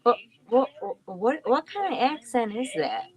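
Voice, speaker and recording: A woman's voice: on the high side, big pitch swings, measured pace, crowd noise. A woman calling into a livestream, chatting casually and sounding amused and incredulous. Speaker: guest caller. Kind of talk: casual chat.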